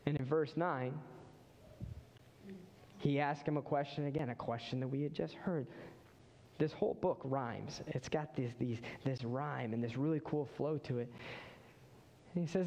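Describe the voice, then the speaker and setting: A man preaching a sermon as pastor, animated storytelling that acts out the figures, in a church. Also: fairly high pitch, a little slow, long pauses, big-room sound, highs cut off. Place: church sanctuary.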